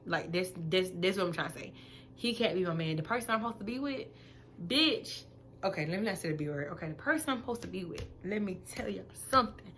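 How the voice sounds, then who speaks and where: A young woman, five months pregnant, telling a story in a blunt, profane, animated vlog rant that swings between loud outbursts and quiet asides. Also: lowish voice, fast talker, a little hiss or hum. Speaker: vlogger.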